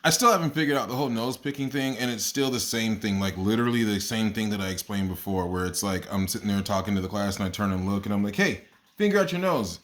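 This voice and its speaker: A man's voice: lowish voice, steady tone, quick pace, few pauses. Rambling male teacher's video diary. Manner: rambling, self-correcting storyteller; amused, laughs at his own stories. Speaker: kindergarten teacher.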